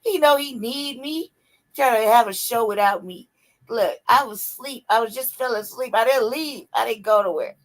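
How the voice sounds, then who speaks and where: Gravelly woman in playful trash talk. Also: a little high, normal speed. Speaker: co-host of a live stream talk show. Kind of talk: casual live-stream chat.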